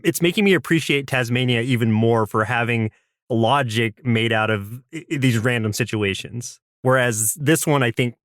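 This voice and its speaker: A man's voice: medium pitch, a bit bright, dry recording, clean studio sound. A man co-hosting a cartoon podcast, recapping episodes in a thoughtful, casual way with some restarts. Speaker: podcast co-host. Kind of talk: casual chat about cartoons.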